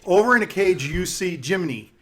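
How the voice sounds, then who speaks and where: Casting: male game master, fairly high voice, lively and animated. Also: a little fast, slight background noise. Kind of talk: narrating a tabletop game.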